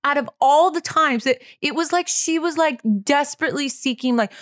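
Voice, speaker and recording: A woman chatting as a parent guest, telling family stories with lively animation. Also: high-pitched, moderate pace, no room sound, clean studio sound. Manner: animated storyteller who acts out quotes. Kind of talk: casual chat.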